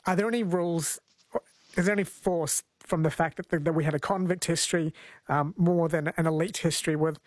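A man's voice: fairly high pitch, steady tone, a little fast, dry recording. A man from New Zealand hosting a radio interview, asking layered, curious questions. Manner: inquisitive, asks layered questions. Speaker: radio host.

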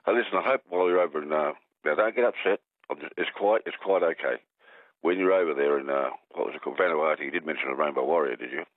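Over a tinny phone line, an Australian caller rings a radio talkback show, speaking quickly in a bass voice on a dry recording. He rambles, cracks jokes and trips over his words.

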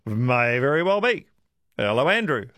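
Lively Australian radio host. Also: male voice, medium pitch, normal speed, no room sound, studio quality. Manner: chatty, laughs easily, lively. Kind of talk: casual talkback radio chat.

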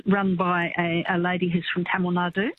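A woman's voice: fairly low pitch, flat delivery, fairly quick. A woman calling in to a radio quiz, chatting in a friendly, hesitant way with many fillers. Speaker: caller. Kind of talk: casual phone chat. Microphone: phone line. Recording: tinny phone line with faint hiss.

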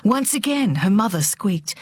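Husky woman reading a novel aloud. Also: mid-range voice, unhurried, dry recording, studio quality. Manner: expressive, dramatic. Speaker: book reader on radio. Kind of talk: dramatic audiobook narration.

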